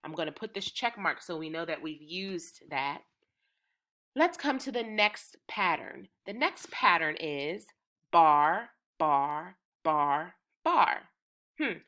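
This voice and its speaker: Slow, bright-voiced woman teaching toddlers. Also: low voice, expressive. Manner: encouraging, drawn-out, rhythmic chanting. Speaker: preschool teacher. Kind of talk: slow, sing-song lesson for small children.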